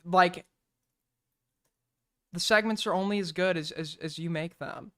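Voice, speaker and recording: A man's voice: high-pitched, measured pace, pushed and bright. A sleep-deprived male streamer reacting casually to clips, profane, exasperated and rambling.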